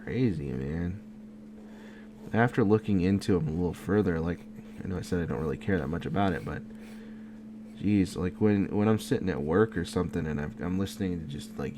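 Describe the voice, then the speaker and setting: A man casually rambling at midnight as he draws, sleepy and yawning, talking half to himself. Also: sits low. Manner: relaxed, rambling, muttering to himself. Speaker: video creator drawing. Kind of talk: casual late-night drawing chat. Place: home art setup at night. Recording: noticeable background noise.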